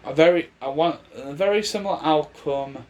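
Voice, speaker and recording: A man's voice: fairly high pitch, normal speed. A man giving casual, rambling wrestling predictions on his vlog, often restarting his sentences. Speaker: wrestling commentator.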